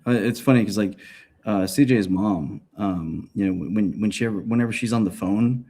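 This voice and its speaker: A man hosting a podcast who asks his questions in a halting, searching way, with many restarts. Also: fairly low pitch, mellow. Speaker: podcast host. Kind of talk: casual interview chat.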